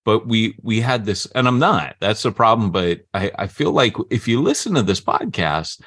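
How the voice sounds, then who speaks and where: A man's voice: lowish voice, animated, moderate pace, a bit bright, no room sound, studio quality. A man co-hosting a podcast in casual, joking chat, laughing often. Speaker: podcast co-host.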